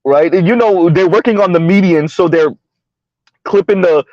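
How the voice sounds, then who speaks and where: A man's voice: sits high, moderate pace, a little mellow, dry recording. A man hosting a casual commentary vlog who chuckles often and keeps asking his audience "right?". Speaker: host, social commentator. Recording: dull lo-fi recording, dry.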